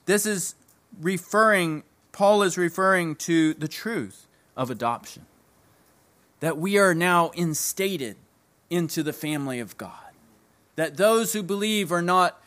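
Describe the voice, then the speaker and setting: A man preaching a sermon, emphatic, repeating key phrases and dropping low at the ends of lines. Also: expressive, unhurried, bright, forceful tone.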